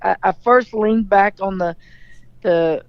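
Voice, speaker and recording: Gravelly-voiced woman coach. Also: medium pitch, slow pace, no echo, muffled recording. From Louisiana. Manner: candid, emphatic storyteller. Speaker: head coach, guest. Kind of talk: radio interview.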